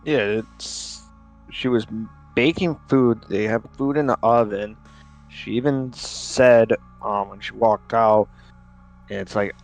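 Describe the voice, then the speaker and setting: A male player in a tabletop game speaks slowly and deliberately. He pauses often and fills the gaps with hesitant ums as he lays out ideas. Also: on the low side, creaky, faint music behind.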